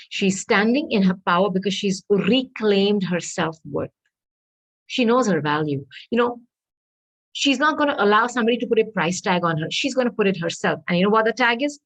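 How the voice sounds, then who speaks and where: A woman tarot reader talking her way through a reading, repeating herself and adding hedging asides, clearing her throat as she loses her voice. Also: fairly low pitch, poor audio. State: losing her voice.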